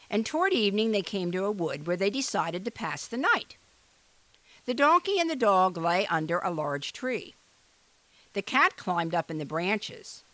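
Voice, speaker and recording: A woman reading a children's fairy tale aloud in an expressive, animated way. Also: medium pitch, no room sound. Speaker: storyteller. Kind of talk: storybook read-aloud.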